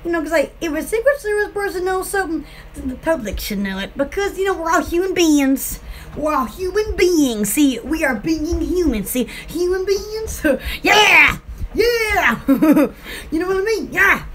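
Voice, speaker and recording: A woman's voice: very high voice, big pitch swings, normal speed, a little hiss or hum. A woman hosting her own channel, rambling playfully and giggling as she acts out silly scenes. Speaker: channel host.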